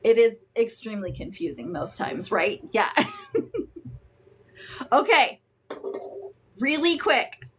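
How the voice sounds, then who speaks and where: Woman coach for a live stream, frank and salty, high voice, slow and deliberate. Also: animated, a little hiss or hum. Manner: frank, emphatic, profane, greets viewers warmly. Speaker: host and emotional wellness coach. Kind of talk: live-streamed teaching talk.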